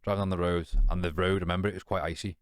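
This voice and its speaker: This man's low, clear, resonant voice holds a level tone while he talks rapid-fire, recorded dry and clean in a studio. Appearing as a podcast guest, he bluntly tells a candid personal story in British slang, swearing along the way. He rambles with many fillers and restarts, frequently saying "you know what I mean".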